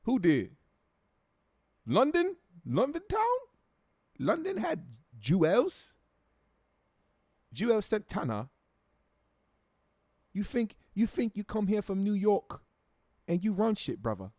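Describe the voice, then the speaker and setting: A man voicing a menacing, mocking London gangster with a high-pitched put-on voice. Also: huge pitch swings, slow pace, long pauses, mellow, dry recording, clean studio sound, exaggerated voice. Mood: taunting.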